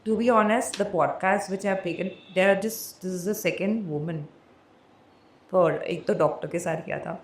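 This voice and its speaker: A woman's voice: on the low side, moderate pace, roomy sound. A woman hosting a podcast, talking in a loose, rambling way. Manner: rambling, many fillers, laughs often. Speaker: podcast host. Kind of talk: casual interview chat.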